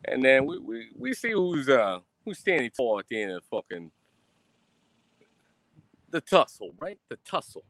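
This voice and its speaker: A man's voice: medium pitch, very animated, brisk, few pauses, a bit bright, dry recording. A young man, ranting on a livestream in a boastful, profane, swaggering way. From Texas. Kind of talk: casual rambling livestream rant. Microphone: streaming mic.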